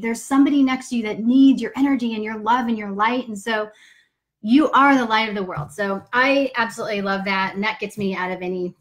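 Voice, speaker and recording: A woman talks straight to her viewers on a live stream from her home office. Her voice sits a little high, and she stays upbeat and chatty. She drops in casual swearing and a folksy "y'all" as she answers questions. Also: a bit bright. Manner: upbeat, chatty, greets viewers mid-sentence. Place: home office with pets nearby. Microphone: computer or phone for a live stream.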